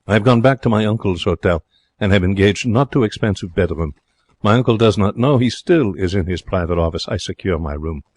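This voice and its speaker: An actor playing an excitable young Frenchman in a radio drama, speaking broken English in a French accent with theatrical, emotional delivery. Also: on the low side, a little fast, no room sound, lightly acted. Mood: wistful. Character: young excitable romantic Frenchman, former hotel cashier. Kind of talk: 1940s radio drama narration.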